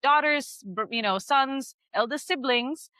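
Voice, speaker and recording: A woman's voice: sits high, measured pace, sharp tone, no echo. A woman hosting a podcast interview, talking earnestly and effusively with frequent restarts and laughter. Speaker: podcast host.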